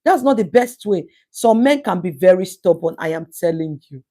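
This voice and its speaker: A warm, fairly low voice, expressive and moderately paced, belongs to a woman with a Nigerian English accent. Hosting a casual live stream, she reads viewer comments and speaks in an emphatic, preachy style, repeating words for stress.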